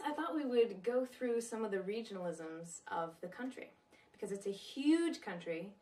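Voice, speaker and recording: A woman accent coach in a recorded tutorial, playfully demonstrating regional ways of speaking. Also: mid-range voice. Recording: played back from a distance.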